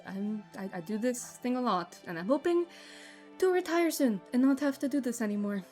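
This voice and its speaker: A woman playing a tabletop game in character, halting and dry, with lots of fillers. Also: on the high side, lively intonation, darkish tone, soft background music. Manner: halting, sarcastic, many fillers. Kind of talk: in-character role-play chat.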